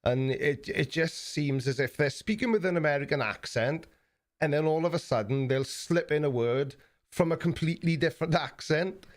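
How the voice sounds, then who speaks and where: A man's voice: on the high side, normal speed. A man hosting a livestream, chatting casually and reading out viewer messages, rambling with lots of fillers and self-mocking asides. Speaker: livestream host.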